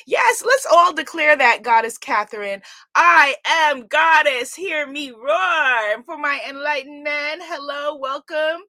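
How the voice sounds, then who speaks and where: Woman livestream host, high bright voice, slow and exuberant, affirming tone, dry close sound. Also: dry recording. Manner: exuberant, affirming, repeats phrases. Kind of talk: spiritual livestream, reading viewer comments.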